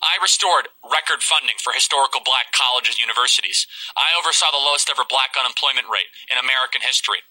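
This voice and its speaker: A man giving political commentary, delivering emphatic, rhetorical lines in a steady stream. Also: medium pitch, quick pace, poor audio.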